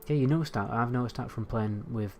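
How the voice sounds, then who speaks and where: Answering his chat during a game livestream, a man from the United Kingdom with a British accent rambles and swears in a casual way. He speaks a bit fast at medium pitch, with some hiss or hum present.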